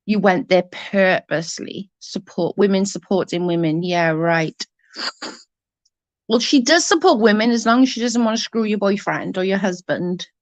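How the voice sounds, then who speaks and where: A woman's voice: mid-range voice, normal speed, dry recording. A woman in her forties with a Newport Welsh accent, ranting casually in a blunt, sweary and sarcastic way. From Wales. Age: 40s. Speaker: vlogger.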